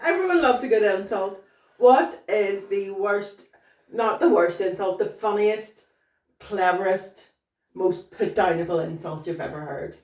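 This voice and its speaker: A woman co-hosting a tipsy casual chat, teasing her friend with unhurried quips. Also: mid-range voice, expressive, darkish tone. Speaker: podcast co-host. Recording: echoey room, distant mic.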